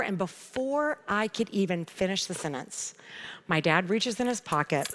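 A woman's voice: mid-range voice, moderate pace. Middle-aged woman telling a devotional story. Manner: conversational storytelling, animated retelling. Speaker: Bible teacher. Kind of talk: devotional teaching with personal story.

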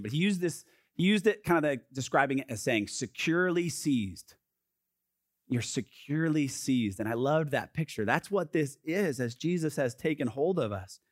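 A man in his thirties preaching as a youth pastor, casual and lively with lots of fillers, going soft and quiet when he reads scripture. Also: medium pitch, no room sound, clean studio sound. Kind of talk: sermon. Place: youth gathering.

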